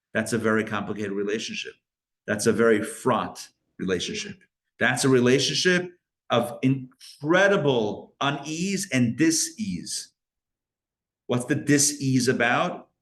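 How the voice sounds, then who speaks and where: Animated man teaching a live class. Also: on the high side. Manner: animated, rhetorical questions, breaks off his own sentences. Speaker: rabbi teaching a Kabbalah class.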